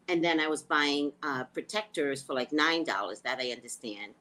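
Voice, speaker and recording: A woman's voice: low-pitched, moderate pace, fairly bright tone, rough recording. A woman hosting a live stream, telling an exasperated story in a casual, profane way and greeting viewers by name. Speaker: live stream host, tarot reader. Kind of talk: casual livestream rant.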